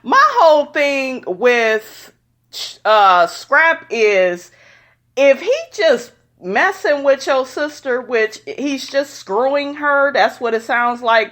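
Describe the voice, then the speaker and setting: A woman's voice: a little high, lively intonation, slow pace, a bit bright. Sassy, blunt woman recapping reality TV. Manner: sassy, blunt, says "honey" often. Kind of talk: casual opinionated recap.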